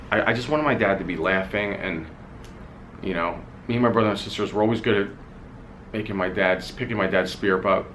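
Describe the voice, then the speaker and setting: A man's voice: on the low side, a bit bright, a little hiss or hum. A man vlogging, telling a personal family story in a candid, rambling way with casual swearing.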